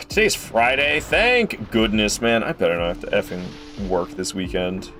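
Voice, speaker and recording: A man's voice: lowish voice, animated, unhurried, sharp tone, soft background music. A young man streamer chatting through live gameplay, frustrated and swearing, talking to his chat. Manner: talks to chat.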